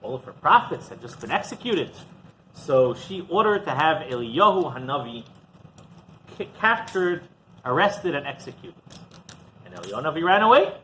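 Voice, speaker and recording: A rabbi tells a Torah story with a lively, swooping voice that sits fairly high for a man. His tone is bright and forward, and he lifts it further whenever he quotes someone. A faint room ambience sits behind him. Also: moderate pace, a little hiss or hum, poor audio. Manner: animated retelling, voices quotes higher and louder.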